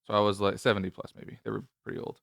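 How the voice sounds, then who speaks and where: Nervous, rambling lowish male podcast host. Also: level tone, racing, creaky, fairly bright tone, no room sound, studio quality. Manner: nervous, rambling with many restarts. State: voice cracking. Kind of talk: casual podcast storytelling.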